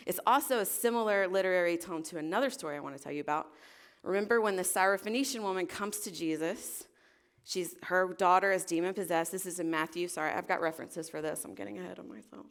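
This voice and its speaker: A woman preaches a relaxed, conversational sermon to her congregation. She is chatty and self-deprecating and tosses questions out to the room as she goes. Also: lowish voice, fairly quick. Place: church service.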